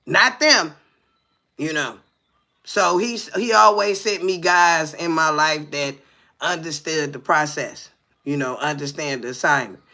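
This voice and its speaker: A woman's voice: on the low side, gravelly, pushed and bright. A woman in her forties co-hosting a live talk show, telling profane, brash stories and constantly asking her listeners whether they hear her. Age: 40s. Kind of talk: casual live chat.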